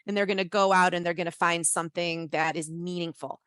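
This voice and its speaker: A woman's voice: lowish voice, moderate pace, hardly any pauses, a bit bright, clear, resonant tone, no echo. A woman cohosting a podcast, giving casual advice in a rambling way with lots of restarts and fillers. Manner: rambling, many restarts and "you know"s.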